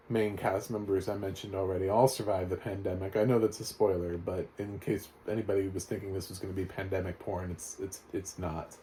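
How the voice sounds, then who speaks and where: A man's voice: sits low, dark tone, a little hiss or hum. A man reviewing a film in casual, rambling talk with sarcastic asides.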